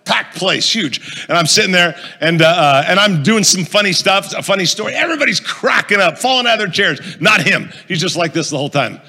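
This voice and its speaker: A man's voice: sits high, expressive, fairly quick, few pauses, pushed and bright, husky, big-room sound. A male pastor preaching a sermon, telling a funny story and quizzing the audience as he goes. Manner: storytelling, asks the audience questions, jokey.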